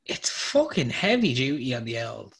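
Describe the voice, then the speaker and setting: Irish bloke, young, sports podcast co-host, loose sweary rambling, mid-pitched voice. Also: male voice, big pitch swings, normal speed, vocal fry, a bit bright. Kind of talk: casual sports chat.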